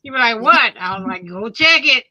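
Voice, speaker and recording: An older woman chatting with friends, speaking haltingly with many restarts. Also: on the high side, lively intonation, bright, forceful tone. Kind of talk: casual group chat. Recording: dull lo-fi sound.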